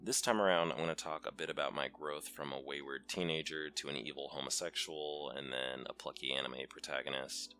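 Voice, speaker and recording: A young man with a very deep voice, hoarse from a cold, chatting candidly and rambling as he hosts a gaming let's play. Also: fairly even intonation, brisk, hardly any pauses, sharp tone. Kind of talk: casual gaming commentary.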